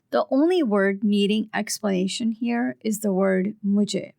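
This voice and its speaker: A woman's voice: medium pitch, a little slow, gravelly, hardly any pauses, darkish tone, dry recording, clean studio sound. A woman co-hosting a podcast language lesson, patiently explaining words and phrases step by step. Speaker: Urdu language co-host.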